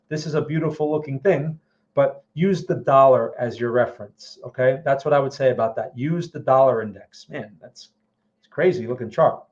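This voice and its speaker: On lo-fi audio, a man with a medium-pitched, somewhat mellow voice hosts a casual market stream. Between glances at his charts he takes viewer questions, regularly dropping in "okay" and "all right."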